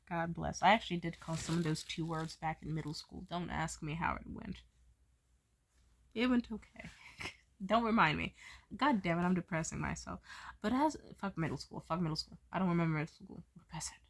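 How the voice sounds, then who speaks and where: A drunk woman vlogging a profane, joking story in a casual, animated way. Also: on the low side, normal speed, pauses often, slight background noise. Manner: animated, profane, jokey, slurs words while tipsy.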